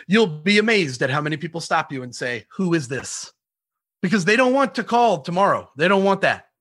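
Brief: lively, fairly high-voiced man trading sales war stories, dry close sound, mimics callers. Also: brisk, dry recording. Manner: animated, laughs often, mimics callers. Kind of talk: energetic sales talk with acted-out call examples.

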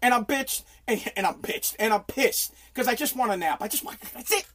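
A man's voice: extremely high pitch, lively intonation, fairly quick, a bit bright. A middle-aged man from the United States in his home basement, ranting on a casual livestream in a profane, exasperated, pleading way. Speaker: livestream host.

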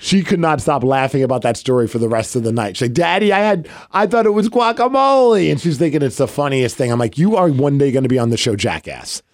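A man's voice: medium pitch, expressive, fast talker, hardly any pauses, a little mellow, no echo, studio quality. A man in his thirties co-hosting a podcast, telling stories in a rambling casual way with lots of fillers. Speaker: podcast co-host. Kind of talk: casual chat.

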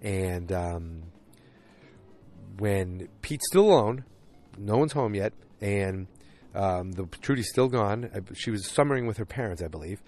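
Lowish-voiced tired man with a cold, rambling casual recap. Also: animated, a little slow, a little mellow, faint music behind. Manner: rambling, full of fillers. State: tired and getting over a cold. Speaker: TV episode recapper.

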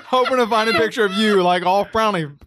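High-voiced, playful man co-host. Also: brisk, background noise. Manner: playful, laughs along, teasing. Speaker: podcast co-host. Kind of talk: casual podcast chat.

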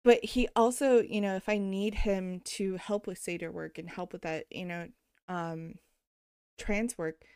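A woman hosting a podcast, chatting casually and telling animated stories with frequent laughter. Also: mid-range voice, a little slow, clear, resonant tone, dry recording, studio quality. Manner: animated storyteller, laughs often. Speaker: podcast host.

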